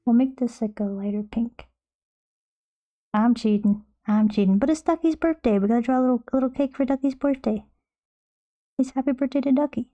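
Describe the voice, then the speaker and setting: A woman's voice: fairly high pitch, a little fast, pauses often, lo-fi sound. Chatty, playful young woman streamer. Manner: chatty and playful, rambling with frequent restarts. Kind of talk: casual stream chat while drawing.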